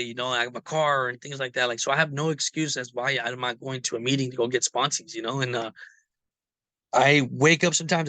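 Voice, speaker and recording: A man's voice: medium pitch, sharp tone, dry recording. A man telling his recovery story in a casual, rambling way, with many fillers. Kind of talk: casual personal testimony.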